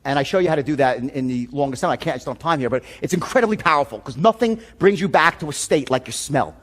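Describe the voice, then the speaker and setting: A man giving a seminar talk as a sales trainer, telling stories in an animated, profane way. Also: on the high side, quick pace.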